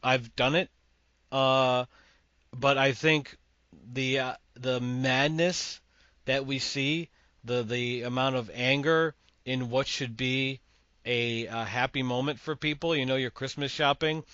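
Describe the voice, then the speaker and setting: A man's voice: mid-range voice, steady tone, slow, sharp tone, smooth, no echo, highs cut off. A man from Massachusetts hosting a podcast, giving opinionated, rambling movie takes. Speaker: podcast host. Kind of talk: casual movie chat.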